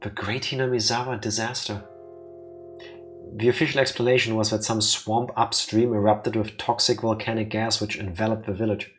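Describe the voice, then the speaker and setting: A man's voice: fairly low pitch, level tone, normal speed, fairly bright tone, soft background music, natural voice. A man voicing a shrewd older male police detective in a visual novel, speaking in a knowing, matter-of-fact way.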